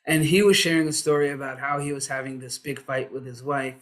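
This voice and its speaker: A man, a diversity activist, speaking in a gentle, unhurried, coaching way about breathing and presence. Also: mid-range voice, fairly even intonation. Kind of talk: calm reflective conversation on mindfulness.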